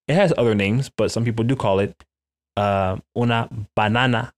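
A man teaching a Spanish lesson, slowly modelling vowel sounds for learners to repeat and often checking in with "okay?". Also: medium pitch. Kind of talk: language lesson, repeat-after-me drills.

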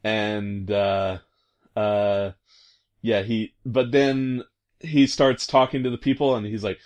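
A man's voice: on the low side, flat delivery, takes it slowly, a little mellow. A man casually retelling a video game scene, rambling and hesitant, full of fillers and amused asides. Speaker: commentator recounting a video game.

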